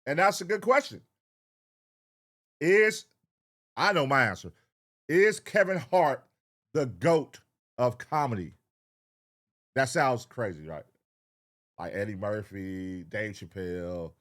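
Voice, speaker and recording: A man's voice: mid-range voice, animated, takes it slowly, pauses often, fairly bright tone. A man hosting a reaction video, riffing in a casual, profane, slangy way. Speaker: reaction channel host.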